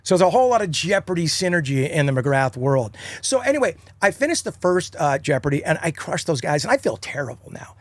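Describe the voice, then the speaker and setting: A man in his fifties, a podcast guest, telling casual stories in an animated way and acting out quotes. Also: a little high, brisk, hardly any pauses, no room sound. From United States. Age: 50s. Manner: animated, acts out quotes in funny voices. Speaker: podcast guest, rock singer. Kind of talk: casual storytelling.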